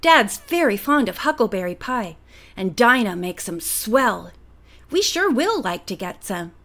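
A woman's voice: medium pitch, big pitch swings, measured pace, a bit bright. A woman voicing an eager, cheerful young boy in a children's storybook reading. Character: cheerful young boy, Bert, older twin.

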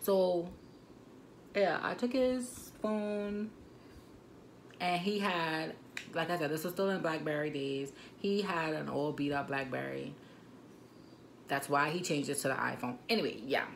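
A young woman with a Turks and Caicos Islands accent tells a story on a phone mic, animated and indignant, with many asides. Her voice is low and gravelly, with fry. A faint hiss sits behind her. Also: unhurried, pauses often. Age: 20s. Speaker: vlogger. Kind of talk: storytime vlog. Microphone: phone camera mic.

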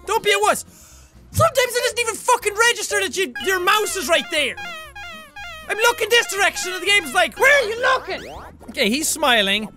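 A man giving loud, excitable let's play commentary on a close desk mic, swearing often and laughing between lines. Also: very high-pitched, a little fast, music in the background. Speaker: gaming YouTuber.

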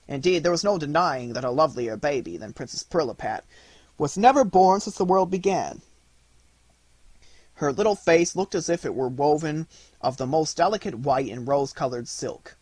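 A man narrating a classic storybook aloud in an expressive, lively way. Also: fairly high pitch, normal speed, no echo. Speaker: audiobook narrator.

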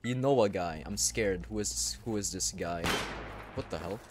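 A young man streaming a game, rambling and swearing, with sudden loud outbursts between mumbled remarks. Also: deep voice, moderate pace, noisy background. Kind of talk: live gameplay commentary.

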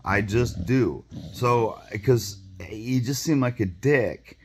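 A man's voice: mid-range voice, slow, slightly rough. A man telling a rambling, profane story to camera, full of fillers, restarts and asides. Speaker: vlogger.

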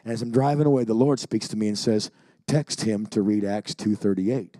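A man preaching a Pentecostal sermon who swings from shouting to quiet storytelling. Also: on the low side, normal speed, dry recording. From Alaska. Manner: builds to shouting, then drops to quiet storytelling. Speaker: pastor.

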